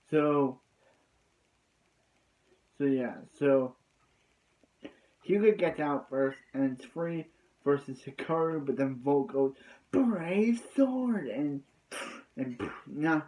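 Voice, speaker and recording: Rambling man recapping, mellow voice. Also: mid-range voice, poor audio. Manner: rambling, full of "so yeah" fillers. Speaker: anime episode reviewer. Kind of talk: casual spoken episode recap.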